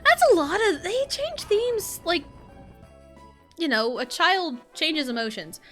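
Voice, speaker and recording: A woman's voice: very high voice, sing-song, slow, a bit bright, faint music behind. A woman streamer chatting casually while playing a video game, rambling between topics and breaking into swearing rants. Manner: rambling, swears a lot and rants in bursts of frustration. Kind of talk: casual live-stream chat while gaming.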